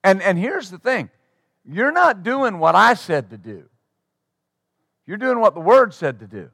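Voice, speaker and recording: A man's voice: high-pitched, very animated, unhurried, a bit bright, no room sound, clean studio sound. A man preaching a sermon as pastor, emphatic and acting out the replies of the people he quotes.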